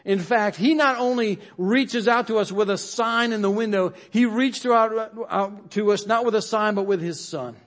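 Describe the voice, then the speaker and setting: Preaching earnestly to his congregation, a pastor with a fairly high voice repeats phrases for emphasis and lets his voice sink at the end of each line. He keeps a moderate pace with hardly any pauses.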